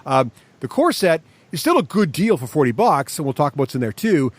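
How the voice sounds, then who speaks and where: Fast, lively enthusiastic man. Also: fairly high pitch. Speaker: podcast co-host. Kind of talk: casual chat.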